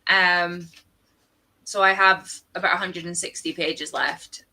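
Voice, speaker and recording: Bright Scottish woman chatting on a stream. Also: lowish voice, fairly even intonation, slow, poor audio. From Scotland. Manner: chatty, reads out viewer comments. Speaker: livestream host. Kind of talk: casual chat with friends.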